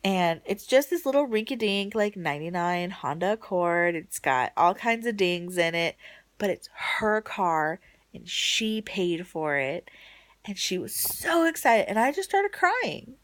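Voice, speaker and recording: A woman rambles emotionally in a casual late-night video diary at home, her mood shifting between bright excitement and soft, low murmurs. She's a little slow, and no echo is present.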